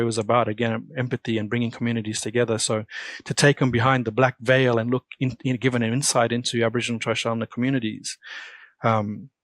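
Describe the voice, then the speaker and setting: A man's voice: medium pitch, dry recording. A man with an Australian accent, a comedian chatting in an interview, telling stories and acting out the greetings he quotes. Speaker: comedian guest. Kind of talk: casual interview chat.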